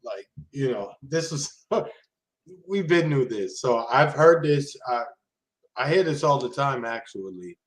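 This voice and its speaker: A man co-hosting a political talk show, speaking haltingly with many fillers and restarts. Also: medium pitch, lively intonation, poor audio. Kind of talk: casual political chat.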